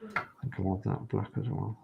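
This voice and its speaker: A man's voice: lowish voice, big pitch swings, moderate pace, vocal fry, lo-fi sound, noisy background. A man chats casually and mutters encouragement to himself while painting a scale model at home. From United Kingdom. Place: home hobby room.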